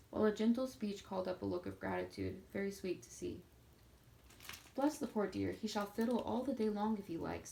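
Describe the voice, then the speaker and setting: A woman narrating a classic children's novel in a steady, measured reading. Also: lowish voice, gravelly, a little hiss or hum, poor audio. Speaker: audiobook narrator. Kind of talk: storybook narration.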